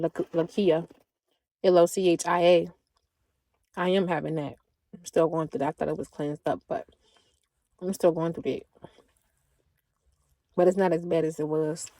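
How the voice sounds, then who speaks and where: A woman's voice: on the low side, dark tone, no room sound. A woman livestreaming in a casual chat, drawling and talking back to her viewers.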